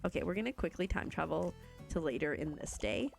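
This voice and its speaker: This is a chatty young woman from Canada, streaming a cozy video game and answering her viewers. Her voice sits a little low but leaps around with lively, bubbly inflection. Soft game music plays quietly behind her. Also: brisk, creaky. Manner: bubbly and chatty, reads and answers chat, self-teasing. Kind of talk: casual live-stream chat while playing a video game.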